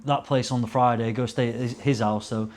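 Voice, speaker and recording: A man's voice: mid-range voice, steady tone, fairly quick, darkish tone. A young man, a podcast guest telling rambling anecdotes in casual chat, swearing and acting out quotes. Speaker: podcast guest, racing driver.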